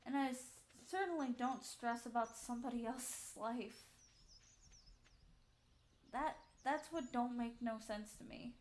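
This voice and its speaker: Chatty woman streamer, slow talker. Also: fairly high pitch, a little mellow, slight background noise. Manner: rambling, chatty, self-talk between game actions. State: out of breath. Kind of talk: casual live-stream chat while playing. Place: home.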